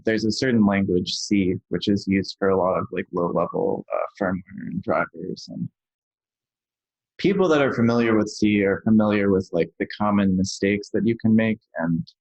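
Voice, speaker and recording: A man's voice: fairly low pitch, normal speed, gravelly, darkish tone. A man speaking as a podcast guest, explaining technical points plainly and casually with many fillers. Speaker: guest software engineer. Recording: dry, dull lo-fi sound.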